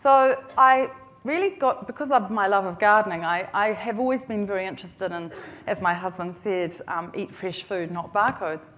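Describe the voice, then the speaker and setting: A woman's voice: medium pitch, moderate pace, a bit bright. A middle-aged woman with a New Zealand accent telling a business story at a conference in a chatty, self-deprecating, humorous way. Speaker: conference speaker.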